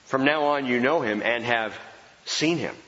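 A man preaching a sermon as pastor, emphatic and animated, repeating key phrases for effect. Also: mid-range voice, a little slow. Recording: dull sound with long hall reverb.

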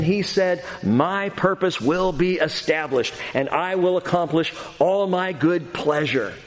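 A man preaches in a somewhat raised voice, acting out the voices of the scripture he quotes with big jumps up and down in pitch. His sermon rings with the long reverb of a large hall. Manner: animated, acts out quoted voices, wide swings in pitch. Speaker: pastor.

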